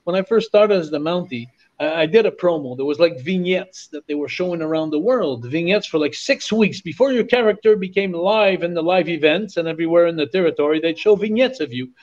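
A lively male storyteller from Canada who is a guest on a podcast, repeating phrases for emphasis. His voice sits high, and the recording is dull and lo-fi. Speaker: podcast guest, former wrestler. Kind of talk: animated storytelling. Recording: dull lo-fi audio.

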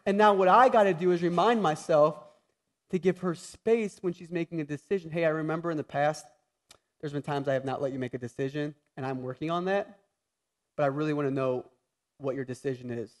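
A man in his thirties preaching a sermon, moving between loud emphatic lines and soft confessional ones. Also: a little high, fairly quick. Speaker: pastor.

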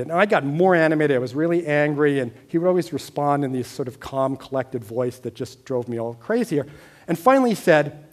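A middle-aged American man telling a personal story on stage, wry and deadpan, growing animated at times. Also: fairly high pitch, a little fast. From United States. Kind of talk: storytelling talk.

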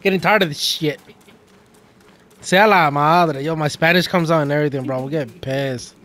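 Excitable high-voiced man gaming. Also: fast talker. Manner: excitable, swearing, laughing often. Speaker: gaming channel host. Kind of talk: casual gameplay commentary.

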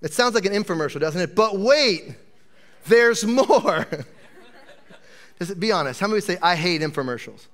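A man's voice: high voice, lively intonation, fast talker, pauses often, a bit bright. A man who is an associate pastor, preaching a sermon in a chatty, joking way to a live congregation.

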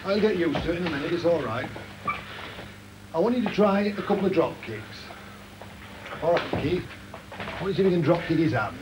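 Gruff wrestling trainer barking orders. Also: male voice, on the high side, expressive, fairly quick, long pauses. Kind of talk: coaching in the ring. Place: wrestling gym. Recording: noisy 1980 TV documentary sound.

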